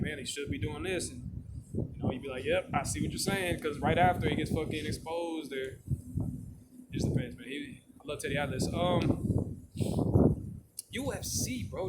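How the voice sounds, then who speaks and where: A man chatting casually as host, rambling with heavy swearing and lots of fillers. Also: medium pitch. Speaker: channel host. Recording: loud background noise with clicks.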